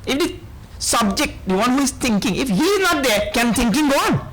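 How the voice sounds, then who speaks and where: A man with a Trinidadian accent giving a spiritual discourse to a live audience, animated and often quizzing his listeners. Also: very high voice, normal speed, crowd noise, low-quality recording. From Trinidad and Tobago. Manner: animated, questioning listeners, playful asides. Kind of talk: lively lecture on scripture.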